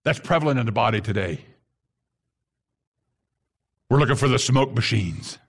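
Gravelly man preaching a sermon. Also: lively intonation, moderate pace. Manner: preachy, rising to high-pitched emphatic bursts. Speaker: pastor.

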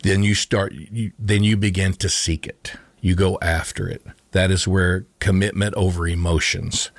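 A middle-aged man, a former coach appearing as an interview guest, tells a personal faith story in conversation. His voice sits low and his delivery is flat at a moderate pace, with no room sound, and he speaks earnestly, repeating and restarting phrases.

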